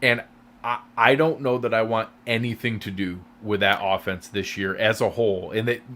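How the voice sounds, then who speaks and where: A man's voice: on the low side, fairly even intonation, normal speed, fairly bright tone, slight background noise. A man co-hosting a fantasy football podcast, chatting casually and rambling through many restarts and hesitations. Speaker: podcast co-host. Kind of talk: casual sports chat.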